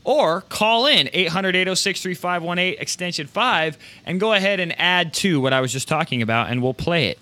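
This man's voice sits high as he hosts a live show, moving at a moderate pace with hardly any pauses. His talk is casual, energetic motivation about running a print business, full of rambling restarts and the occasional curse word.

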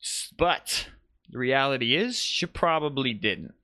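A man's voice: medium pitch, lively intonation, measured pace, sharp tone, no echo, studio quality. A man hosting a live podcast, talking casually and rambling, correcting himself and greeting chat viewers as he goes. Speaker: podcast host.

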